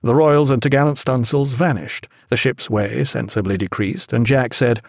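A man narrating an audiobook in a measured, even storytelling manner, recorded on a close studio mic. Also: mid-range voice, gravelly, no echo. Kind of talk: scripted narration.

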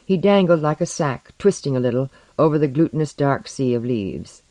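An audiobook narrator reading fiction in a measured, deliberate storytelling manner. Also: mid-range voice, expressive, dark tone, no room sound, poor audio.

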